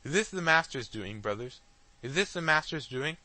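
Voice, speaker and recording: Reader doing indignant crowd agitator, haranguing, high, forceful. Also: male voice, expressive, moderate pace, dry recording, rough recording.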